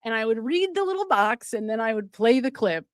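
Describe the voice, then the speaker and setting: A woman hosting a true-crime commentary stream, her fairly high voice swinging widely in pitch as she presses her points. She keeps turning to viewers with rhetorical questions, and the sound is close and dry. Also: sing-song, a little fast, no echo. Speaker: show host.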